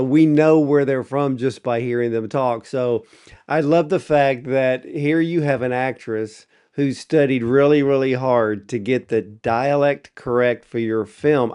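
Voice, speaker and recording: A man from the United States hosts an interview at an easy, chatty pace. His voice is smooth and resonant at a middle pitch. He often clears his throat between thoughts. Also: moderate pace, darkish tone. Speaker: interview host. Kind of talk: conversational interview.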